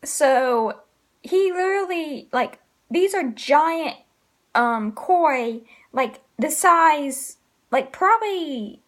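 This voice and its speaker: A woman's voice: high-pitched, animated, extremely slow, a bit bright. A woman casually reviewing manga chapters, rambling with lots of ums and likes and laughing often.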